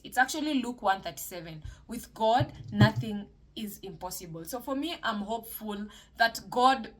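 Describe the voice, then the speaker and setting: A woman's voice: mid-range voice, fairly bright tone. A woman hosting a solo podcast, talking casually and encouragingly about mental health and faith, with many fillers and restarts. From Kenya.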